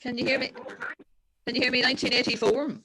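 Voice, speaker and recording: A woman's voice: fairly high pitch, little pitch movement, quick pace, background noise. A woman taking part as an audience volunteer on a call, hesitant and checking she can be heard. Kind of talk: casual call-in reply.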